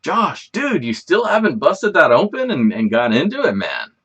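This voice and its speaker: A man's voice: on the high side, huge pitch swings, moderate pace, a bit bright, slightly rough. A man hosting a casual livestream, chatting in a rambling, laid-back way and swearing freely. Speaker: livestream host.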